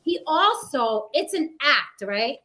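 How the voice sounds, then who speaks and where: A woman hosting a heated panel discussion, emphatic and profane, sometimes mimicking men in a low mocking tone. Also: sing-song, slow, bright, forceful tone. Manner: acts out men's voices in a low mocking tone. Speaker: panel host.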